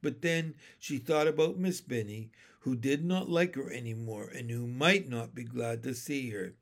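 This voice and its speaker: A man narrating a children's chapter book aloud in a steady, gentle storytelling way. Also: mid-range voice, moderate pace. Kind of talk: audiobook narration.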